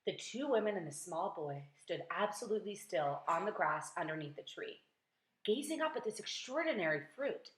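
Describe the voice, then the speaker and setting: A woman teacher reading a children's book aloud with lively, expressive storytelling. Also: on the low side, moderate pace. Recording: roomy echo.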